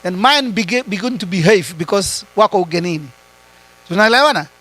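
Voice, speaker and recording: A man giving a high-voiced motivational talk. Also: expressive, fairly quick, fairly bright tone, rough recording. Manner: switches between English and Swahili, asks the audience rhetorical questions. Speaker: retreat speaker.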